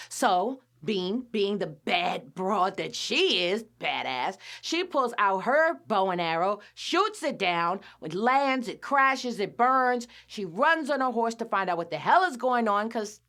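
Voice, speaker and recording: A woman's voice: a little high, measured pace. A woman hosting a podcast, casually recapping a cartoon episode and acting out the characters' lines with lots of laughs. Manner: animated storyteller, acts out characters' lines, laughs often.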